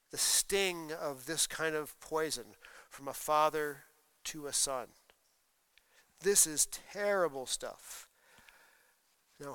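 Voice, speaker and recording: A man's voice: a little high, fairly bright tone, clear, resonant tone, no echo. A man preaching a sermon, explaining scripture and reading passages aloud with emphasis. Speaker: pastor.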